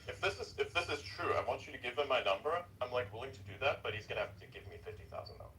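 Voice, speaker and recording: A man's voice: mid-range voice, lively intonation, rapid-fire, bright, forceful tone. A man talking casually in a group voice chat, rambling with fillers and restarts. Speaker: podcast participant. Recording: distant mic with faint noise.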